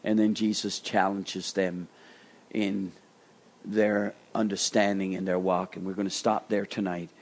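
Earnest male pastor preaching. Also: little pitch movement. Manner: earnest, voice climbs high when acting out quotes; drops soft and slow on key points. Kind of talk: sermon.

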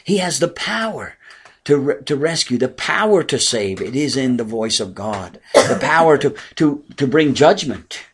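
A man preaching a sermon in earnest, rising for emphasis and dropping low and soft at times. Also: big pitch swings, measured pace, slightly rough. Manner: earnest preaching, swelling and dropping to near whispers. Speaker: pastor.

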